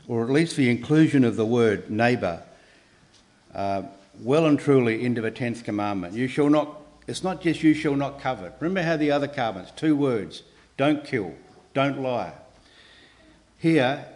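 A man delivers a sermon at a mid-range pitch. He speaks earnestly and measuredly, sometimes restarting a phrase, and lifts his voice to stress key words. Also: darkish tone. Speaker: preacher.

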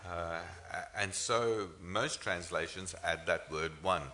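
A male pastor delivering a sermon in a somewhat low but bright, forceful voice. He presses his points with rhetorical questions and leans on frequent "uh" fillers as he thinks aloud. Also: slow pace, faint music behind.

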